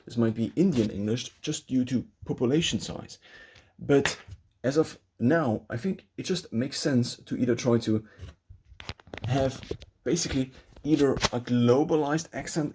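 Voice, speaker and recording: A man's voice: medium pitch, dark tone, husky. A young man with a German accent, talking through his thoughts in a loose spoken essay, restarting phrases as he goes. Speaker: vlogger.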